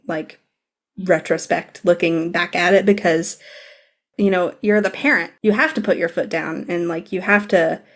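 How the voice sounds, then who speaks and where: A woman co-hosting a podcast in casual chat, stuffy-nosed from a cold, emotional and swearing freely. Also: lowish voice. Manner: emotional, swears casually, acts out quoted lines. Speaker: podcast co-host.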